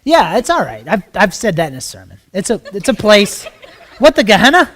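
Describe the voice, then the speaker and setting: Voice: medium pitch, very animated, a little fast. A ministry school teacher talking informally to a class, rambling with many fillers and rhetorical checks on the listeners, with blunt, frank asides.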